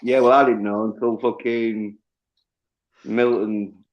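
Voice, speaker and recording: Slow, profane man on dull lo-fi audio. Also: on the low side, flat delivery. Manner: profane, teasing. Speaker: livestream guest. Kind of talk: casual livestream chat.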